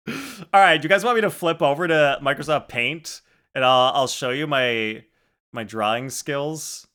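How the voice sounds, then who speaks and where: A man's voice: mid-range voice, unhurried, pushed and bright, clean tone. A young man streaming live, reading chat aloud and joking about his drawings with crude humor and frequent laughter.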